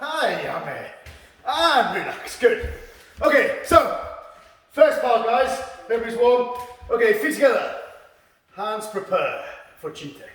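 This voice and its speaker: A man's voice: very high-pitched, animated, a little slow, long pauses, fairly bright tone. A man teaching a karate class, calling out counts and commands to his students. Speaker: karate instructor. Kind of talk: teaching a martial arts class. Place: dojo hall. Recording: echoey hall, far from the mic.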